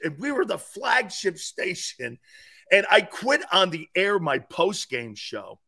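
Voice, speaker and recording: Speaking slowly in a high, gravelly, slightly rough voice, this man in his fifties once played sports and hosted sports radio. As a guest in a casual podcast interview, he is animated and emphatic, breaking into loud outbursts.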